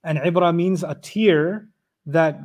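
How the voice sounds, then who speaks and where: A man with a high-pitched voice teaches a lesson on scripture. He talks in an animated way, throws rhetorical questions at his audience and rattles off Arabic verses quickly between explanations. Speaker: Quran teacher. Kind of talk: lecture on scripture.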